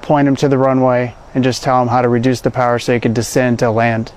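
Calm guy telling what happened, flat steady voice, smooth. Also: mid-range voice, fast, rough recording. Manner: calm and matter-of-fact. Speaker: air traffic controller, interviewed. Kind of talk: recounting an event in a clip.

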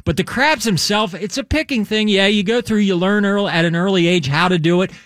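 Maryland guy ranting on a podcast, high bright voice, bouncy and loud. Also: brisk, no room sound, clean studio sound. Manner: animated, ranting, laughs often. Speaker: co-host. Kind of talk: casual banter on a podcast.

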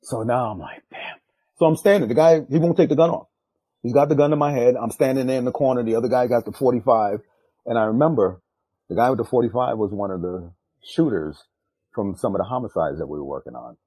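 Older man, guest storyteller, husky, dark, dry close sound, animated profane retelling. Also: quick pace, no room sound. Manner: animated, jumps loud and high acting out quotes; profane, street-style speech. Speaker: guest, retired drug agent. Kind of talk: storytelling in a podcast interview.

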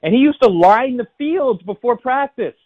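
A man who is a guest college football writer on a radio interview, making a fast, emphatic argument that builds point by point. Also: very high voice, expressive, highs cut off.

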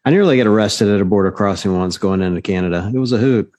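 This is a man in his forties with a somewhat low voice, telling an anecdote at an easy pace. He fills his pauses with "um". His humor is dry and deadpan, and the whole thing sounds like a casual podcast conversation. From United States. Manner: laid-back, dry humor, frequent "um". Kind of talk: casual storytelling chat.

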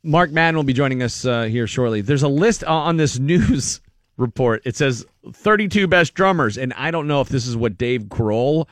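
A man's voice: mid-range voice, moderate pace, dry recording, studio quality. A man hosting a morning radio show, chatting casually in a wry, joking manner. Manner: animated, wry, breaks into mocking impressions. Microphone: studio microphone.

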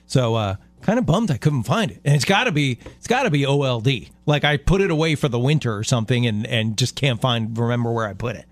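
Man, radio co-host, casual chat, lively pitch, joking, dry close sound. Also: fast, few pauses, no room sound, soft background music. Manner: laughs often, lively and joking.

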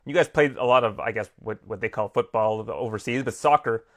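A male interviewer asking questions and joking between them. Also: fairly low pitch. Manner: joking, fast-talking.

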